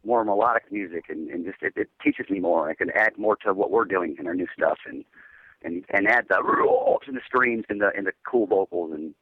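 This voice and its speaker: A man's voice: sits low, brisk, few pauses, slightly rough, no room sound, narrow, tinny audio. A man, a metal band's singer, chatting casually in an interview and telling rambling laid-back stories full of "dude". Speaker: metal band singer guest.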